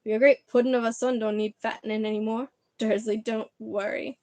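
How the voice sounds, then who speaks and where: A woman voicing a huge, gruff but kindly male giant in a storybook reading. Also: on the high side, flat delivery, normal speed, darkish tone, dry recording, lightly acted. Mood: gruff hearty.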